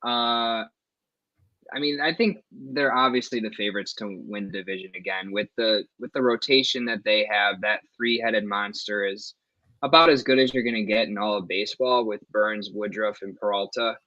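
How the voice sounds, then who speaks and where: A man on a sports podcast, calmly breaking down a baseball team. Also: on the low side, normal speed, dry recording. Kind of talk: casual sports podcast chat. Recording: dull dry lo-fi mic.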